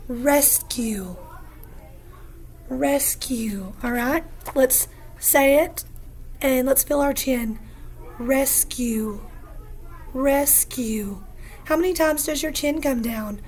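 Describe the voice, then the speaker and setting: A woman teacher giving a phonics lesson, patient and encouraging, repeating each word slowly for young students. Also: sits high, a little mellow. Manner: slow, patient, encouraging, repeats words aloud.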